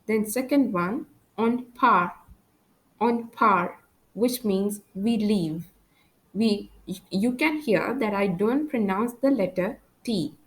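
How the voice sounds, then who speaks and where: A woman's voice: medium pitch, darkish tone, low-quality recording. A woman teaching French in a lesson, patiently repeating each example word. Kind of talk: language lesson.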